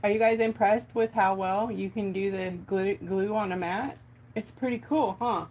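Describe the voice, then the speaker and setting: A woman's voice: medium pitch, fairly even intonation, moderate pace, darkish tone, a little hiss or hum. A chatty woman, hosting a casual craft livestream from home and talking to her viewers as she works. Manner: chatty, giggly, talks to viewers.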